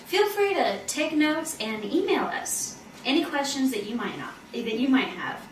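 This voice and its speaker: A woman's voice: high voice, very animated, moderate pace, slight background noise. Giggly woman reading a book aloud. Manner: informal, with many fillers and giggles. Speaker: co-host and reader. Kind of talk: casual reading and paraphrasing of a novel. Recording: roomy, distant amateur recording.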